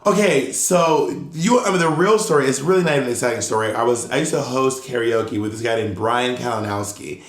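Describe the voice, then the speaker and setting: A man co-hosting a podcast in casual chat, an animated storyteller who acts out the people he quotes. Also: mid-range voice, brisk, few pauses. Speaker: podcast co-host. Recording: roomy echo.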